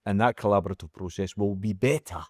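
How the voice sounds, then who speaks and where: A man's voice: on the low side, fast, a little mellow, no echo, studio quality. A man interviewing a band member, speaking in a thoughtful, reflective way. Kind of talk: casual interview.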